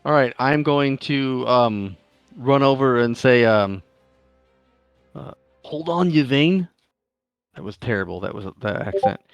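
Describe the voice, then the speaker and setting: A man's voice: medium pitch, moderate pace, vocal fry, smooth, no echo, dull audio, faint music behind. A man playing a tabletop game, describing his character's attacks and explaining spell rules with frequent ums. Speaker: player.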